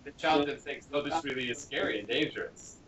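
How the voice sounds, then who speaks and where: A man's voice: medium pitch, fairly quick, a little hiss or hum. A man, a parenting author, answering interview questions and acting out the voices of children and parents as he gives examples. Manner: animated storyteller who acts out children's lines. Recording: dull lo-fi sound in an echoey room.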